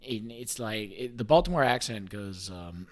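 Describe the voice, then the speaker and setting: Low-voiced, joking man in his thirties. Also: lively intonation, normal speed. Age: 30s. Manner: profane, rambling, joking. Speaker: podcast host. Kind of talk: casual sports talk.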